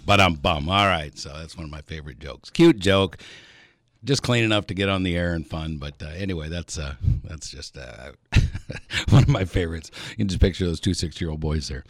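A man's voice: deep voice, normal speed, dry recording, clean studio sound. A man hosting an outdoor radio show, talking casually with lots of fillers and chuckles, rambling and telling jokes. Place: radio studio.

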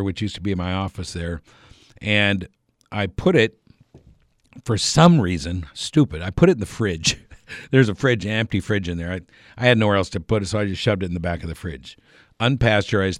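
A middle-aged man with a very low voice tells a meandering, casual story to a radio audience. He backtracks, restarts sentences and chuckles throughout, and his voice sounds dry and close with no room around it.

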